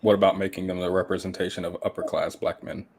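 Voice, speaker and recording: Low-voiced opinionated male podcast host. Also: completely flat delivery, fast, darkish tone, slight background noise. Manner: opinionated, emphatic. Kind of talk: casual panel discussion.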